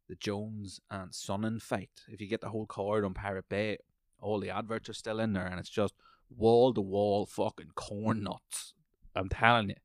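A man hosts his own podcast, rambling and swearing with excitable energy while calling a fight as he watches. His voice sits on the low side. The recording is dry and close, with no room echo. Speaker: podcast host. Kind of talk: solo podcast chat with live fight commentary.

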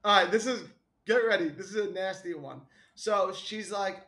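Young dude on a podcast, high voice, stumbles and restarts, crude casual chat. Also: male voice, bright, forceful tone. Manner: rambling, halting restarts, laughs at own jokes. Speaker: podcast co-host.

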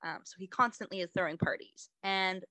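A young university student telling a story in a chatty way, full of "like". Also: female voice, mid-range voice, fairly quick, bright, forceful tone, no room sound, poor audio. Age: young adult. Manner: chatty storytelling, acts out lines with fillers like "like". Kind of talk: casual chat.

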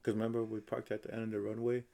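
A man chatting casually in a relaxed, drawn-out way. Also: lowish voice, gravelly. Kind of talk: casual chat.

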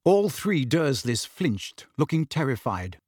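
A man narrating a fantasy novel as an audiobook, in an expressive storytelling manner. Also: mid-range voice, takes it slowly, slightly rough, no echo, clean studio sound. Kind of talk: scripted narration.

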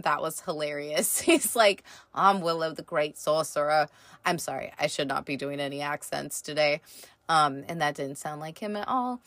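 Chill woman rambling thru a show review, lots of um and like, kinda low voice, dry sound. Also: fairly bright tone, no echo. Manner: rambling, filler-heavy, swears casually. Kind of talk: casual solo review chat.

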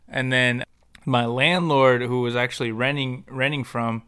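A man's voice: mid-range voice, steady tone, normal speed, a bit bright, clean tone. A young adult man hosting a podcast, telling a personal story in a profane, slangy, rambling way, with many restarts. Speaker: podcast host. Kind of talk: casual personal storytelling monologue.

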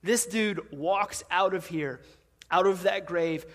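A man's voice: sits high, takes it slowly. A male pastor preaching a sermon, telling stories casually and building to emphatic peaks, in a church. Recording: long hall reverb.

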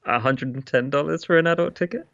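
A man's voice: on the high side, fast, gravelly, a bit bright, no room sound. A man with a British accent co-hosting a podcast in an easygoing casual chat, recorded on a slightly dull lo-fi mic. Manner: easygoing, laid-back, laughs along. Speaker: podcast co-host.

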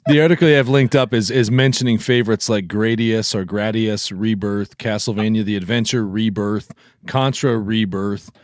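A man's voice: fairly low pitch, steady tone, moderate pace, no room sound, studio quality. A man co-hosting a casual podcast chat, laughing often and tossing in teasing asides. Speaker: podcast co-host.

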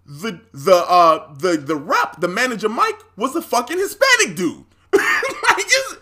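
Podcast co-host, male, animated storyteller with a bright, high and very expressive voice, quick to laugh and swear. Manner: animated, acts out the other people's lines, laughs often, swears freely. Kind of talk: casual storytelling chat.

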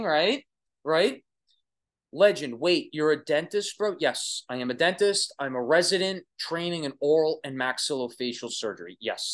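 Livestreaming from his apartment through a phone or webcam, a young man with a Long Island New York accent, an oral surgery resident, fields viewer questions. His fairly high voice is excitable and chatty, frequently restarting and trailing off.

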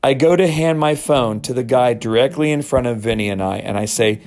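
A man's voice: mid-range voice, a little fast, a little mellow, faint music behind. A middle-aged man hosting a show, telling a story casually and acting out quotes in raised voices. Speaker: podcast host.

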